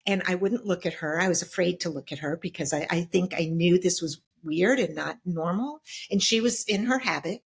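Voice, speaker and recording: Speaking as an interview guest, a middle-aged woman recounts her personal story in a lowish voice with a breathy edge. Her telling is reflective and halting, full of fillers and restarts.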